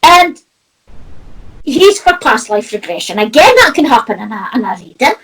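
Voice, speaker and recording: A woman's voice: a little high, sing-song, moderate pace, a bit bright, husky, low-quality recording. A Scottish woman, a spiritual medium, chatting casually and animatedly, laughing often. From Scotland. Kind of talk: casual chat.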